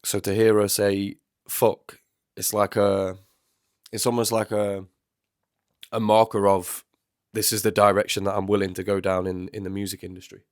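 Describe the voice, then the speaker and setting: Guy with a stuffy nose from the flu, chatty rambling reaction talk, lowish voice, dry close sound. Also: little pitch movement, moderate pace, dry recording. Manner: chatty, rambling, self-correcting. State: congested, getting over flu. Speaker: music reaction host. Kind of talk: casual reaction commentary.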